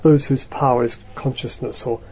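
Poor audio carries a man's medium-pitched, level voice with a darkish tone. He teaches a study group, reading passages aloud before explaining them in a halting, considered way and often correcting himself mid-sentence.

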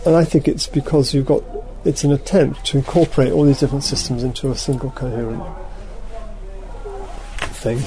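A man with a steady, mid-range voice teaches a study group on a rough recording. He reads passages aloud, then unpacks them slowly and thoughtfully, often catching and correcting himself mid-sentence.

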